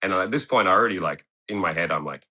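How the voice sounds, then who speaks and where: Here the Tasmanian skateboarder's voice sits low, with a sharp tone and a fast delivery. As a guest in a podcast studio, he tells a story in a casual, easygoing interview, dropping frequent swear words and laughing along.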